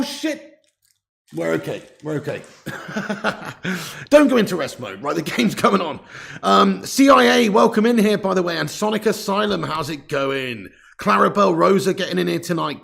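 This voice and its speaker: Brief: male streamer hosting a football watch-along, gravelly and excitable, casual and sweary. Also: sits high. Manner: excitable and chatty, casual swearing, greets chat viewers.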